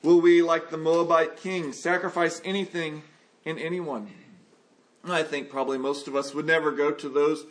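A man's voice: level tone, normal speed. A man preaching an earnest sermon, sometimes acting out a frustrated listener's complaints. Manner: earnest, acts out complaining voices with rising pitch.

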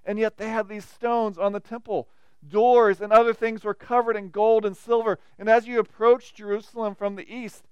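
A man preaching a sermon as pastor, animated and acting out the reactions of the people he quotes. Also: sits high, clear, resonant tone, no room sound, highs cut off.

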